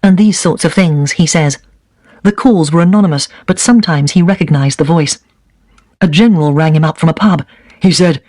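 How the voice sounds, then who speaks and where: A man's voice: on the high side, moderate pace, a little mellow, no echo. Man reading a memoir aloud, dry and close. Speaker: reader of a set text.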